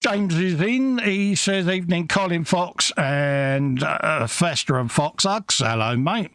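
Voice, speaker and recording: A man's voice: on the high side, takes it slowly, a bit bright, a little hiss or hum. Chatty man hosting a livestream. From England. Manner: chatty, reads out chat messages, calls everyone mate. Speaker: livestream host. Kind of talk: casual livestream chat.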